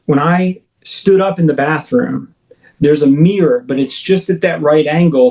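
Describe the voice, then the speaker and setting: A man, a podcast guest, recounting his own experience in a rambling, filler-heavy way and acting out his own shouts as he retells it. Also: on the high side, low-quality recording. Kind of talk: first-person storytelling in a podcast interview.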